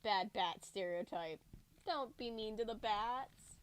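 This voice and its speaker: A woman's voice: fairly high pitch, takes it slowly, smooth. Woman reading aloud with joking asides. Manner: chatty, joking asides between passages. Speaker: streamer reading a book aloud. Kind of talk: casual read-aloud livestream.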